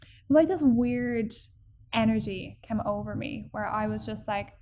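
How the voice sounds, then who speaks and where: A woman telling a personal story in casual podcast chat, animated and full of fillers. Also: on the high side, normal speed, a little hiss or hum. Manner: chatty and animated, acts out quoted people, many fillers.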